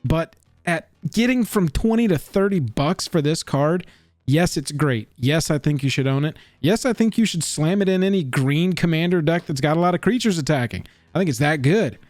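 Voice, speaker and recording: A man co-hosting a casual chat about card prices, animated and joking in his asides. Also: on the high side, moderate pace, no echo. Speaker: co-host.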